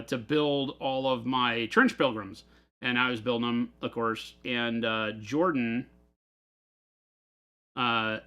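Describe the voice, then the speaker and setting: Chatty man with a bright voice. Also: mid-range voice. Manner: chatty, rambling storyteller who laughs often. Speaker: hobby store livestream host. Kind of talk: casual live chat while building models. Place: his office at a hobby store.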